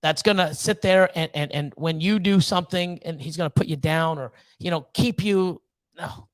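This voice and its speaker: At a normal speed and in a voice on the high side, a man who breeds snakes rants on his livestream. He's blunt, swears heavily and pumps out fired-up motivational talk.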